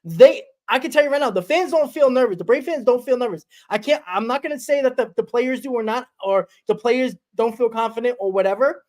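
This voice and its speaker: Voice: medium pitch, fairly quick, hardly any pauses, darkish tone. A sports talk host chatting casually, often restarting and repeating phrases. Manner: rambling, repeats himself. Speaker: podcast host.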